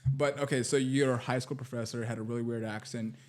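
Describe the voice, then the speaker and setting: A man co-hosting a comedy podcast, playful and quick to laugh in casual chat. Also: mid-range voice, fairly even intonation, darkish tone. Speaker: podcast co-host.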